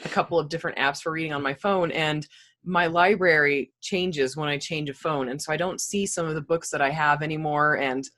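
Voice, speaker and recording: A woman's voice: deep voice, steady tone, a little fast, a bit bright. A woman co-hosting a podcast, chatting casually and laughing easily. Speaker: podcast co-host.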